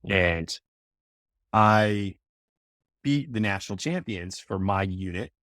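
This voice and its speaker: Low voiced guy rambling thru stories on a podcast, dry sound. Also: lively intonation, slow, fairly bright tone, no echo. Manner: rambling storyteller, lots of fillers. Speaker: guest. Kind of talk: casual podcast chat.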